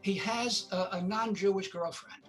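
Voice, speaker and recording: A man with a high, slightly bright voice is interviewed as a film producer. He tells stories casually, stumbling through fillers and restarts and acting out what others said. The audio is poor, with faint music behind.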